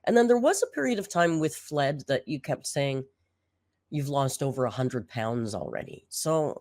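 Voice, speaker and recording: A woman hosting a reaction commentary with sarcastic, dry asides and a slightly hoarse voice after being sick. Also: low voice, expressive, moderate pace, a little mellow, slight background noise. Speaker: reaction channel host. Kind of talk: casual commentary reacting to a video.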